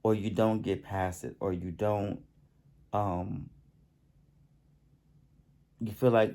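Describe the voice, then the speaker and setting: A man giving a spiritual healing talk to the camera, halting and repeating himself, often pausing to excuse himself and yawn. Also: fairly low pitch, flat delivery, creaky, mellow. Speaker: self-help channel host.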